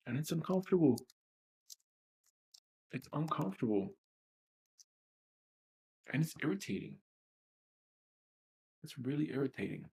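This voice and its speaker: A man's voice: on the high side, very animated, measured pace, gravelly, pauses often, darkish tone, husky. A man hosting a livestreamed self-help session, talking in a blunt, profane, emotionally raw way. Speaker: host of a tapping session.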